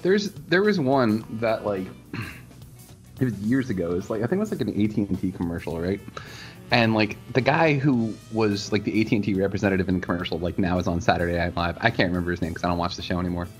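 A man's voice: fairly low pitch, animated, fast. Podcast host guy at a diner, swears a lot, laughs constantly, voice bounces all over, bit of music back there. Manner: laughing, swearing, lots of "like" fillers. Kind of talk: casual profane banter.

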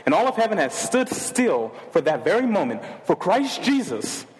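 A man's voice: high voice, big pitch swings, moderate pace. Man preaching in a big reverberant hall. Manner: casual, conversational preaching with jokes and asides. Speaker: pastor. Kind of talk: sermon. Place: church sanctuary with a stage. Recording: long reverb of a large church hall.

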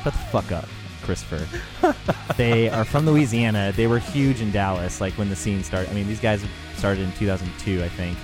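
A man's voice: on the low side, moderate pace. Laughing man with music behind. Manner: laughs often, swears, teasing. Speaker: podcast co-host. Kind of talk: casual chat. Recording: music clearly playing behind.

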